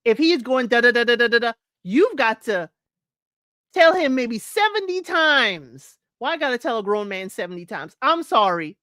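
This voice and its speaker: On a live dating-show recap, the host chats with her audience, says hello to viewers, and shares strong opinions, frequently laughing and repeating herself for emphasis. Her high-leaning voice swings widely in pitch at a normal pace and sounds a bit bright. Clean, dry studio sound.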